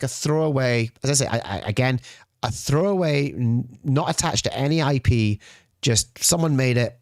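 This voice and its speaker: A man's voice: mid-range voice, no echo, clean studio sound. A man co-hosting a podcast in casual chat, ranting and repeating his words as he goes. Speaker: podcast co-host. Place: podcast studio.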